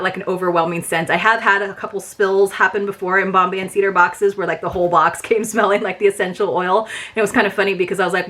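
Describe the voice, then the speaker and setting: A woman's voice: mid-range voice, pushed and bright. A young adult woman chatting casually as she unboxes a subscription box at home, upbeat and full of fillers. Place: home filming room.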